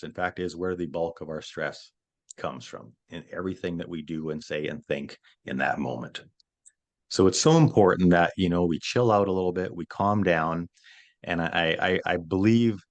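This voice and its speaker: Man, very low voice, earnest coach explaining in interview, restarts a lot. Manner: earnest, explanatory, repeats words when starting. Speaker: stress coach. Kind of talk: interview answer.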